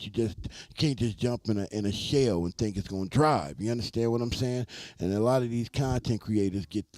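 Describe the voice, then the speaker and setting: A man hosting a live reaction stream, talking loosely and joking with his chat. His voice is dark and mellow, recorded dry and close with no room around it. He rambles, teases and shouts out viewers. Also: lowish voice, no echo. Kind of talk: casual live-stream commentary.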